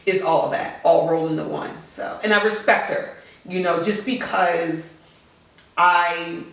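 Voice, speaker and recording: A woman's voice: on the low side, fairly even intonation, unhurried, a bit bright. A woman in her forties, a podcast guest, talking in a heartfelt, earnest and outspoken way as a mother. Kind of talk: casual podcast chat. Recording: echoey room, distant mic.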